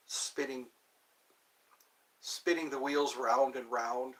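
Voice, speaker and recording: A man's voice: mid-range voice, animated, unhurried, pauses often, a bit bright. A man hosting his own vlog, rambling from topic to topic, laughing at himself and breaking into bits of song. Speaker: channel host. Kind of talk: rambling solo vlog chat.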